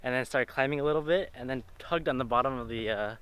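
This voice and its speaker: A man's voice: medium pitch, fast, smooth. A man chatting casually on a travel vlog, laughing often and stopping for fillers, filmed outdoors on a handheld camera. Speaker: travel vlogger. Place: outdoors in busy tourist spots. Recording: loud outdoor crowd and street noise.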